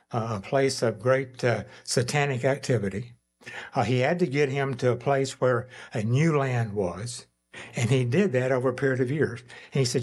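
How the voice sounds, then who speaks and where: Man, pastor, sermon, slightly husky voice, conversational preaching, frequent fillers. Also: mid-range voice. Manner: conversational preaching with frequent fillers, voicing God and Abram in quotes.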